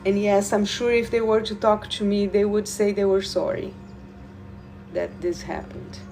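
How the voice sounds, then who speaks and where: Slow-talking woman musing on Reiki. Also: mid-range voice, level tone, dark tone, faint music behind. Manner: slow, meandering, repeats words, talks to viewers. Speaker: Reiki guide. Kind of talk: live spiritual stream talk.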